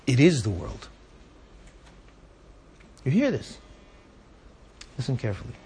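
A man's voice: medium pitch, wildly swooping pitch, measured pace, warm tone, slight background noise. Man teaching a Torah class. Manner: conversational, checks in with "right?" and side remarks. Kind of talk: lecture to a live audience.

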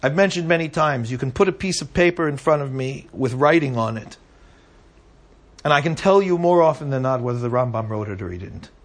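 A man's voice: medium pitch, animated, fairly quick. A man teaching a Torah class to a live audience, talking conversationally and often checking in with asides like "right?".

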